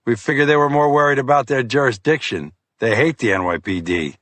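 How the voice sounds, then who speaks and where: A man's voice: mid-range voice, a little fast, fairly bright tone, dry recording, close to an everyday voice. A man voicing a tough, grinning middle-aged male police officer with a Brooklyn accent and a breezy, wisecracking manner. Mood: cocky.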